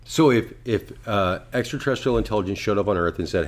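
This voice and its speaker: Low-voiced rambling podcast host man. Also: lively intonation, fast talker, hardly any pauses. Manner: rambling, profane, acts out voices. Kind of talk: casual podcast chat.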